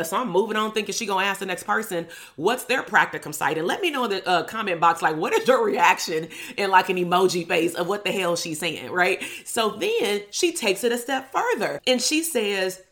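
A woman's voice: fairly low pitch, normal speed, hardly any pauses, a bit bright. A young woman, a clinical psychologist, telling a personal story to her online audience in a casual, sarcastic way, swearing and laughing as she goes. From Compton, Los Angeles.

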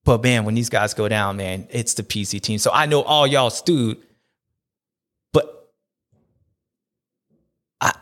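Fairly low in pitch but with a fairly bright tone, this man speaks slowly and pauses often. He hosts a supercross race recap show, giving animated casual commentary in playful slang while repeating his catchphrases.

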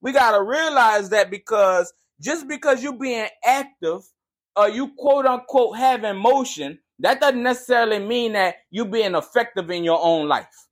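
A man's voice: high-pitched, animated, moderate pace. A young man hosting a motivational podcast, talking in a hyped, preachy way and often asking "you feel me". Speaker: podcast host.

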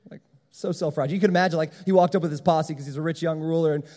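Emphatic pastor in an echoing hall. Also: male voice, on the high side, steady tone, very fast, warm tone. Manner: emphatic, repeats key phrases. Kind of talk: sermon. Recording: long hall reverb.

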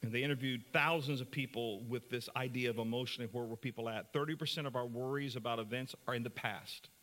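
A man preaching a sermon as pastor, earnest, moving between brisk talk and slow, soft passages. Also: mid-range voice, fairly even intonation.

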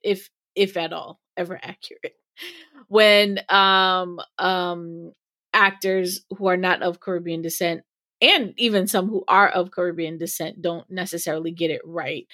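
A woman's voice: fairly low pitch, fairly bright tone, no room sound, studio quality. A woman hosting a podcast, asking questions in a thoughtful, hesitant way with many fillers. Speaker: podcast host. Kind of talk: interview questions.

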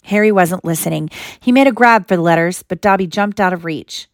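Mother reading a storybook in a low voice. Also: a little fast, no echo, studio quality. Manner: steady storybook narration. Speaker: mother reading to her child.

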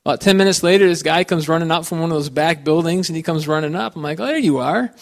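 A man's voice: fairly high pitch, fairly even intonation, quick pace. A man telling personal stories as a guest speaker, rambling and folksy, full of "you know" and restarts. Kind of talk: personal testimony storytelling.

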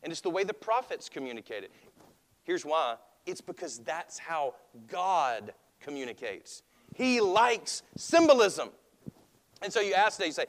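Guy preaching a sermon, kinda high voice, casual talky style, lots of "don't we?", big church echo. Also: sing-song, measured pace. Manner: conversational preaching with rhetorical questions; opens with a hushed prayer. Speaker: pastor.

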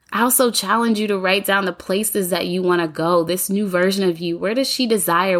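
Earnest woman hosting a faith podcast. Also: on the low side. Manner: earnest, encouraging, repeats phrases for emphasis. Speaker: podcast host. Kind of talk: faith-based motivational podcast talk. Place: home apartment, city sirens outside.

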